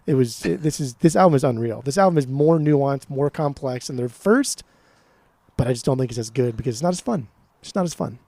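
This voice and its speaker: A man co-hosting a podcast in casual chat, talking excitedly and swearing freely as he gushes about music. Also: medium pitch, brisk, creaky, dry recording. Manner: excitable, swears often, animated enthusiasm. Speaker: podcast co-host.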